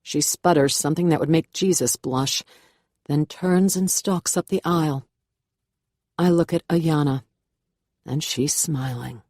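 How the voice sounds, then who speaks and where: A woman narrating a first-person thriller audiobook in a measured, wry manner on a close mic. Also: low-pitched, darkish tone, no echo.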